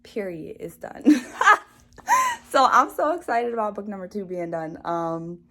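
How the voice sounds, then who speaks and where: A woman's voice: medium pitch, lively intonation, moderate pace, gravelly, sharp tone. Bubbly, laughing young woman vlogger. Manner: bubbly, laughing, talks straight to her viewers. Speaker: author vlogging about her book. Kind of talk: casual excited vlog to camera. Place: alone indoors at home. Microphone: camera mic.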